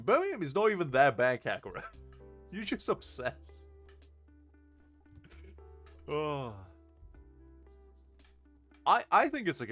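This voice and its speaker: Young male streamer, easygoing mid-pitched chatter, quick laughs, faint music under him. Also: fairly bright tone. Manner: chatty, laughs often, answers chat messages. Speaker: game streamer. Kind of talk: casual live-stream chat.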